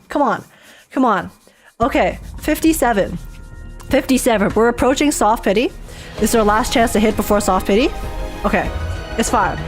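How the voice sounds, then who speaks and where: A woman streaming live, reacting excitedly to game pulls and chatting with viewers. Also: a little high.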